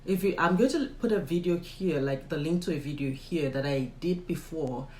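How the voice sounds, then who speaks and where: A woman's voice: low-pitched, normal speed, a little mellow, reverberant, slight background noise, low-quality recording. A young woman with a Nigerian accent, a vlogger chatting emphatically to her viewers and laughing often. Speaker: vlogger interviewing her father. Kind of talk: casual commentary to the camera.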